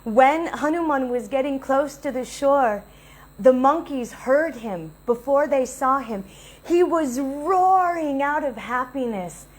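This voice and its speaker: A woman's voice: sits high, expressive, slow pace, poor audio. A woman giving a devotional talk, earnestly telling a personal story and acting out the dialogue. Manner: earnest, confessional, retells dialogue. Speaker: spiritual speaker.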